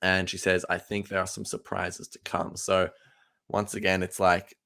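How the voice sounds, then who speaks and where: A man's voice: low voice, level tone, moderate pace, creaky, fairly bright tone. A man co-hosting a fan podcast in casual chat, wry and teasing. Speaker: podcast co-host.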